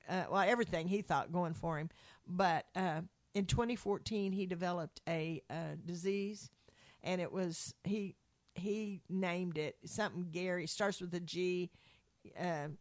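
A woman's voice: fairly low pitch, steady tone, measured pace. A woman telling a religious testimony story to a group in an earnest, rambling conversational way, with frequent restarts. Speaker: speaker sharing a faith testimony.

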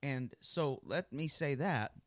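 A male pastor delivering a sermon in a relaxed, talky way, dotted with ums, uhs and self-corrections. His voice sits at an ordinary middle pitch for a man. The sound is dry and close, with no room echo. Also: slow. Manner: conversational preaching, many fillers and restarts.

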